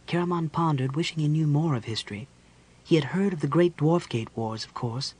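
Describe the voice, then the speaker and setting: A man reading a fantasy audiobook aloud in a measured storytelling manner. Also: a little high, darkish tone, breathy edge. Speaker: audiobook narrator. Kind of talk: scripted fantasy narration.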